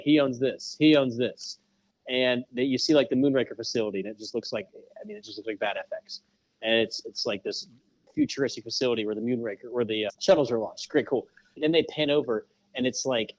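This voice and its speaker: A man's voice: medium pitch, dry recording, highs cut off. A man co-hosting a podcast, griping about a film in an exasperated, sarcastic way. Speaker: podcast co-host. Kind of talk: casual movie review chat.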